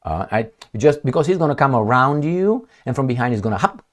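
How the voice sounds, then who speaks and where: A man giving opinionated news commentary in an animated, sarcastic way. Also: mid-range voice, fairly quick. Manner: animated, sarcastic, acts out imagined dialogues. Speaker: political commentator.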